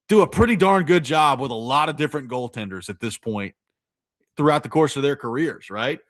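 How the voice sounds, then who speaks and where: A man's voice: mid-range voice, fairly bright tone, no echo, clean studio sound. A man co-hosting a sports talk radio show, arguing his points in casual chat with plenty of restarts and "you know"s. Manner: thinking aloud, stacked restarts, argumentative.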